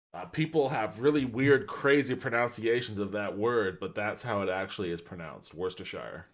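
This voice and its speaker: A man hosting a livestream, giving animated, casual reaction commentary that rambles and swears. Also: lowish voice. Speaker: livestream host.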